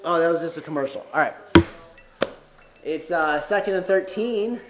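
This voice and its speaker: A man's voice: fairly high pitch, normal speed, reverberant, very noisy. A man hosting a podcast in casual comedic banter, joking, loose and profane. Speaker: podcast host.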